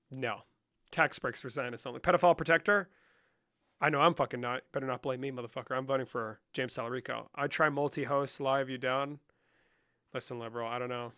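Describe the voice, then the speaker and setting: A man's voice: mid-range voice, bright, forceful tone, clean tone, no echo, clean studio sound. A young man hosting a livestream, reading chat questions and answering with profane, joking banter. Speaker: livestream host.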